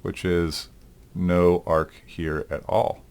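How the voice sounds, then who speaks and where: A male animation instructor in a recorded lecture, talking through his work aloud in a relaxed way, with frequent ums. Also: deep voice, slow, smooth. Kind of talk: recorded lecture demonstrating software.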